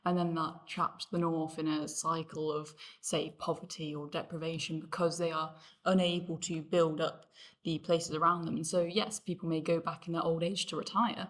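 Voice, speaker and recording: Young woman, from the North of England, discussion host, low voice, earnest, filler words. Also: level tone, normal speed. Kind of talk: casual discussion.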